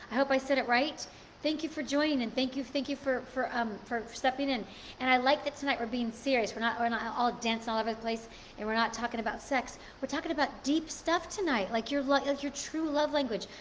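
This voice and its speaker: A woman's voice: a little high, a little hiss or hum. A woman hosting a live stream, chatting casually and answering viewer comments. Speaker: livestream host.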